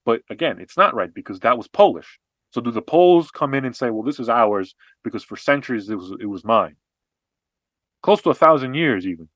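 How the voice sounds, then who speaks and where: A man co-hosting a podcast talks through history and politics in a lively, explanatory way. He often restarts his sentences and drops in fillers. His voice sits at a middle pitch and sounds dry and close to the mic. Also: no echo. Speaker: podcast co-host. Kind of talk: casual political discussion.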